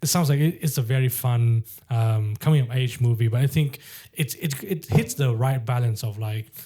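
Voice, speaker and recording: A man hosting a casual film podcast, asking questions and giving measured, hesitant opinions with frequent "uh" and "um". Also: medium pitch, mellow. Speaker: podcast host.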